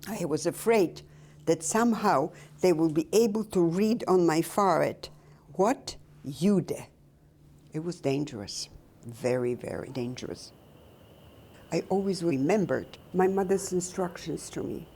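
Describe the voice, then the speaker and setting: An older woman recounting her own memories in a slow, halting, reflective way with pauses. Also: lowish voice, expressive, darkish tone, breathy edge. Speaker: Holocaust survivor giving testimony. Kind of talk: personal testimony, recounted memories.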